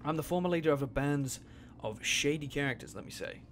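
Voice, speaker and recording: A man's voice: on the high side, expressive, fairly quick, a bit bright, slight background noise. A man reading the lines of a defensive former gang leader in a video game, curt and touchy.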